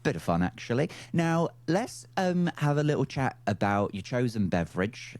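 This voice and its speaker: A man with an English accent hosting a podcast in casual chat, playful and quick to laugh. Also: mid-range voice. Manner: laughs often, lively and playful. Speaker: podcast host.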